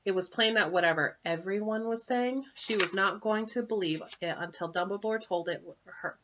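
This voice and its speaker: A woman reading a story aloud as an amateur audiobook narrator, steady but with occasional slips and self-corrections. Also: medium pitch, normal speed, muffled recording, noisy background. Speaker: audiobook reader.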